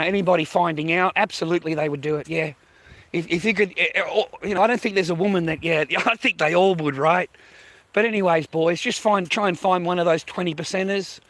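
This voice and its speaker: A man's voice: high voice, fairly bright tone. An Australian man livestreaming a rambling casual monologue, crude and profane, repeating himself and calling his viewers mate and boys.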